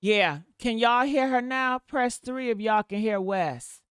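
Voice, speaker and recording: On a livestream, a woman with a higher voice speaks unhurriedly, offering blunt, profane, sassy commentary and calling her listeners honey. Recorded on a desktop mic, the sound is clean, dry, and studio-clear.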